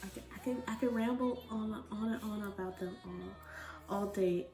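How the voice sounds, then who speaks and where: A woman in her twenties, a vlogger from the United States, talking in a rambling, expressive casual chat that swings between soft and loud. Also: medium pitch, normal speed, recorded from a distance. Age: 20s. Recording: roomy echo, from the mic, faint music.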